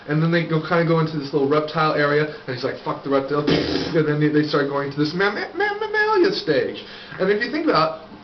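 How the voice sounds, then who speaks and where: A man delivering a rambling, profane stand-up monologue, halting and restarting often. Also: a little high, a little hiss or hum. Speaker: comedian. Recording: echoey room, muffled lo-fi sound.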